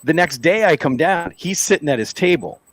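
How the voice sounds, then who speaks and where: Easygoing man with a lively voice. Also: on the high side, brisk, poor audio. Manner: laughing, easygoing anecdote teller. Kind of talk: casual podcast chat.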